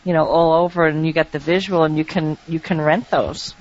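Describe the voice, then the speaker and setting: A man's voice: a little high, fairly even intonation, fairly quick. Middle-aged guy co-hosting radio, easygoing, bit muffled sound. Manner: easygoing, laughs along. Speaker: radio co-host. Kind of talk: casual talk radio chat.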